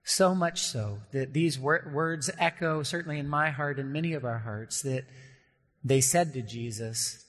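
A man's voice: medium pitch, a bit bright. Earnest preacher man in a reverberant hall. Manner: earnest, slows down for emphasis, acts out quoted voices. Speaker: pastor. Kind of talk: sermon.

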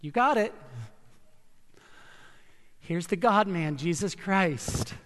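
A fairly high-voiced, bright male pastor preaching an earnest sermon in a slow, deliberate cadence. He leans hard on key words and lets dramatic pauses hang. His voice carries a long reverb, as if filling a large sanctuary. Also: expressive.

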